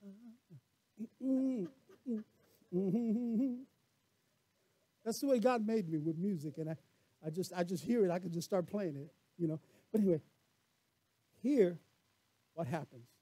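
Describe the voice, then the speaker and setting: A male pastor preaching a lively sermon, telling stories and acting out voices as he goes. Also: high-pitched, moderate pace, pauses often, no echo. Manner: animated storyteller, acts out voices, laughs often.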